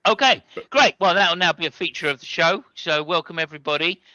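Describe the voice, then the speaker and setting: A man's voice: on the high side, fairly quick, pushed and bright, dry recording, highs cut off. A man hosting a casual motorsport chat over an online call, jokey and rambling with many fillers. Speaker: podcast host.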